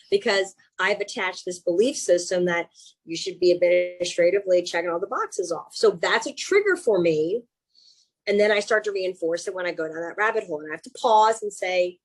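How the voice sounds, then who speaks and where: A woman with a Southern accent coaches a webinar audience over a video call. Her voice has a husky grain, and she keeps her delivery chatty and animated. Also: fairly low pitch, moderate pace, rough recording. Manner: chatty and animated, with self-mocking asides. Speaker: executive coach. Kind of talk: webinar presentation.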